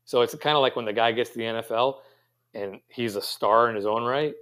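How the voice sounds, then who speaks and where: A man's voice: mid-range voice, fairly quick, a bit bright. A middle-aged man, a pastry chef guest, answering interview questions in a rambling, reflective way with many fillers and restarts.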